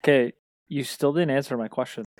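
A man's voice: mid-range voice, a little fast, a little mellow, no room sound, clean studio sound. A man co-hosting a podcast, playfully teasing and probing his friend in casual chat. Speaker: podcast co-host.

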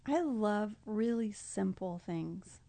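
Podcast guest, middle-aged woman, slight fry in the voice, speaks softly and tenderly about what she remembers. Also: mid-range voice, animated, slow pace. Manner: reflective, tender, often emotional, laughs easily. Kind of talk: casual heartfelt conversation.

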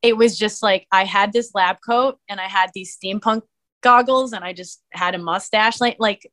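A woman, a musician and streamer, chatting as a podcast guest and telling stories in an animated way, full of "like". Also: mid-range voice, normal speed. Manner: animated storyteller, many "like" fillers. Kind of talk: casual interview chat.

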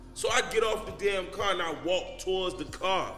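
A high-pitched man tells a story in loose, profane street talk. His voice is bright and forceful, and it sits in long reverb over faint background music. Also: moderate pace. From Miami, Florida. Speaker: podcast guest. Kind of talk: casual storytelling.

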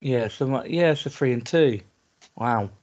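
A man's voice: medium pitch, a little slow, darkish tone, lo-fi sound. A man, teasing his co-host and chatting about his young kids on a podcast. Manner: teasing, chatty, recounts kids' sayings. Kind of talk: casual chat.

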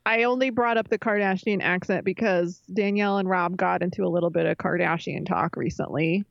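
A woman's voice: lowish voice, fairly even intonation, a little fast, vocal fry, no echo. A chatty, opinionated woman co-hosting a podcast, who laughs often as she talks. Her voice is recorded very dry, and the sound is slightly muffled. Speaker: podcast co-host. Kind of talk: casual chat.

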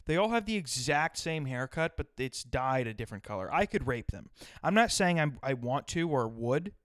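Male podcast host, smooth clear voice, dry close sound, crude rambling riffs. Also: mid-range voice, very animated, moderate pace, no echo. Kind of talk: solo podcast rant.

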